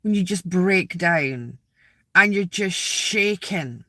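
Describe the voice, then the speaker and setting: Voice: mid-range voice, expressive, takes it slowly, bright, forceful tone, dry recording, clean studio sound. A spiritual vlogger sitting outdoors in a graveyard, rambling casually to viewers, repeating words and asking them questions.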